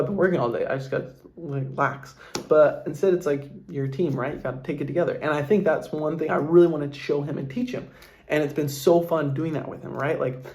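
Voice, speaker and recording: In a relaxed vlog, a young man who is a father responds to viewers' questions with sincere, heartfelt rambling full of fillers. His voice sits on the high side and sounds a little mellow.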